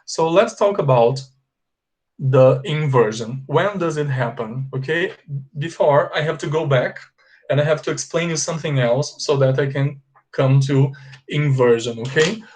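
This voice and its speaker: A man's voice: fairly high pitch, darkish tone. A Brazilian man teaching an English lesson in a classroom. He has a Brazilian Portuguese accent, draws out example words and keeps checking in with "ok?". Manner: explains slowly, stretches example words, checks in with "ok?". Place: classroom with a board.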